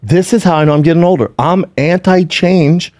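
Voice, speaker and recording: A man's voice: fairly high pitch, normal speed, darkish tone, no echo, studio quality. A man co-hosting a podcast, telling rambling stories in casual chat and acting out what people said. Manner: rambling, storytelling with acted-out quotes. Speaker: podcast co-host.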